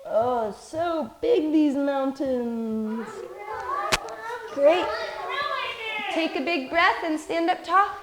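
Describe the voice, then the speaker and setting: A woman leading a children's yoga class in a studio, gentle and encouraging. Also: high voice, expressive, very slow, long pauses, background noise. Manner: gentle, encouraging, playful with animal sounds.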